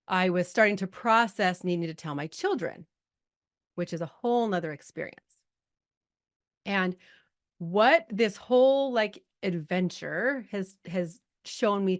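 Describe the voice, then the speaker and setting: A middle-aged woman leading a live coaching call, chatty and filled with likes and rights as she talks straight to her group. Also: lowish voice. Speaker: business coach.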